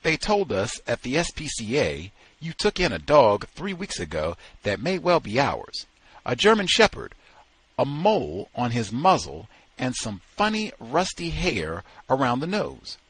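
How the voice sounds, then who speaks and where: A man voicing a relaxed, polite seventy-year-old man with an American Southern accent, louder and higher than his reading voice. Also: unhurried, slightly rough, no echo, heavily acted. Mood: friendly.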